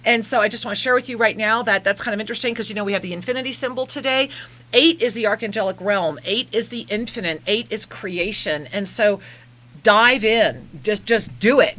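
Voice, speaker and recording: A woman hosting a call-in radio show, giving effusive, emotional soul readings that slow into soft guided meditation. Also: medium pitch. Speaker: radio show host and spiritual reader.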